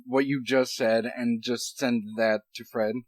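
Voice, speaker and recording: A man's voice: medium pitch, fairly even intonation, unhurried, dry recording. A young man in casual podcast chat, reacting to his co-host with dry, teasing remarks.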